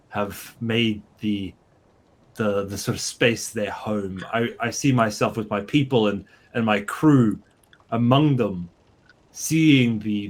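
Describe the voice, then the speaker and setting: A man delivers earnest, measured in-character speeches at a very slow pace. His voice sits low. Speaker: player.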